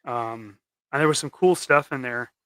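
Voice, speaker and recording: A man's voice: medium pitch, normal speed, pushed and bright, clean tone, no echo. A man hosting a casual livestream while he paints custom action figures, rambling and trailing off into mumbles.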